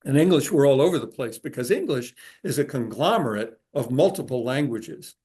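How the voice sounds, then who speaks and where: A man of medium pitch gives a conversational lecture to a group gathered in a room. He explains things patiently and casually, often pausing on filler words as he goes. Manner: relaxed, explanatory, with frequent "uh" pauses. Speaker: speaker giving a talk to a group. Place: room with a live audience.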